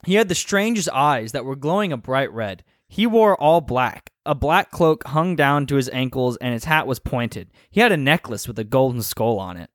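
Lively man narrating a story. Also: medium pitch, normal speed, hardly any pauses, no room sound, clean studio sound. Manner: animated, laughing, stumbles over names. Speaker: podcast co-host narrating a story. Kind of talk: comedic story reading.

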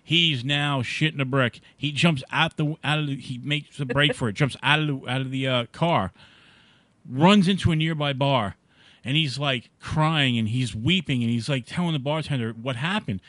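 A man's voice: mid-range voice, fairly bright tone, dry recording. A man co-hosting a podcast, chatting and telling a ghost story while drinking, on a mic with a foam windscreen. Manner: chatty, laughing, drawn-out storytelling. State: drinking beer. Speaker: podcast co-host. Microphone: studio mic with foam windscreen.

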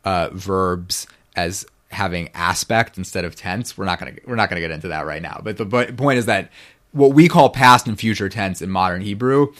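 A man's voice: sits low, moderate pace, fairly bright tone. A man lecturing on biblical Hebrew grammar in a rambling, self-correcting way. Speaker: guest scholar.

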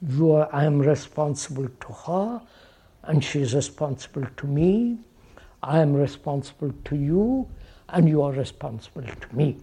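Husky-voiced man giving a reflective talk. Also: on the high side, mellow. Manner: questioning, repeats phrases, often asks "right?". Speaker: speaker addressing an audience.

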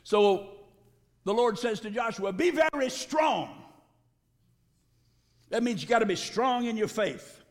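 Male pastor, high voice, emphatic sermon delivery with call-and-response, long church reverb. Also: fairly even intonation, moderate pace. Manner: emphatic, calls for congregation response. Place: church sanctuary.

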